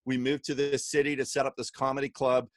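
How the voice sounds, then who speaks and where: A young Canadian man telling stories as a podcast guest, energetic and acting out quoted voices. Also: mid-range voice, quick pace, no room sound. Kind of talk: animated storytelling.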